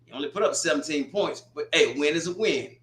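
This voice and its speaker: A man giving a casual, animated football score recap, joking and exclaiming as he goes. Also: fairly high pitch, quick pace, roomy sound. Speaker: sports commentator.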